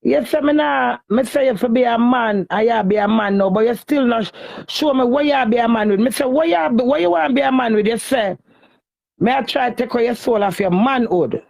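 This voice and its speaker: A woman's voice: on the high side, fairly quick, creaky, a little mellow, no echo, poor audio. A woman with a Jamaican Patois accent, venting in an emotional social media rant, pleading and repetitive as she swings between cussing and begging.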